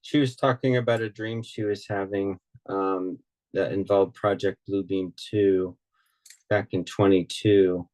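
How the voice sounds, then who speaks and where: A man's voice: sits low, steady tone, a little slow, darkish tone, rough recording. A man in laid-back casual chat on a video call, trailing off with "or something".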